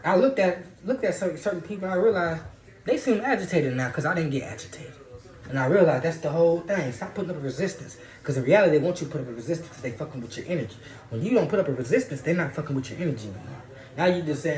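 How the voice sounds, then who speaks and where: A man's voice: fairly high pitch, lively intonation, quick pace, a little mellow. A man giving a loose, profane, preachy spiritual monologue in casual talk. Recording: roomy echo.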